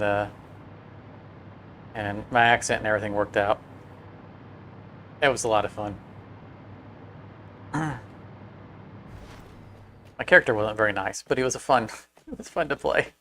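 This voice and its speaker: A man chats casually on a game livestream, drifting through stories with frequent restarts and fillers. His voice sits at a middle pitch. A faint hum of ambient noise runs behind him. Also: a bit bright. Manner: rambling, storytelling with restarts. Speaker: game streamer.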